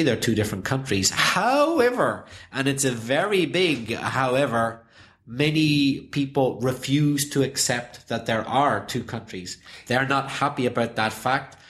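A Northern Irish man with a medium-pitched, fairly bright voice co-hosts a podcast. In a casual chat, he explains things patiently, with lots of fillers.

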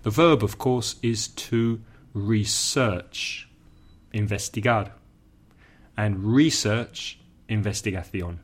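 A man's voice: lowish voice, a little slow, husky. A man teaching an English lesson, repeating phrases carefully for learners and adding short Spanish glosses. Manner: adds brief Spanish glosses. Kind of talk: language lesson.

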